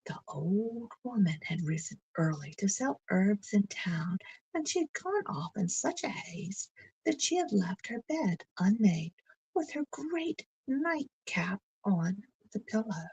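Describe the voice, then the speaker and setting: A woman reads a bedtime story in a gentle, soothing voice that often drops almost to a whisper. Her tone is very breathy and husky. She reads slowly, and her pitch rises and falls with lively expression. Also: no room sound, lo-fi sound.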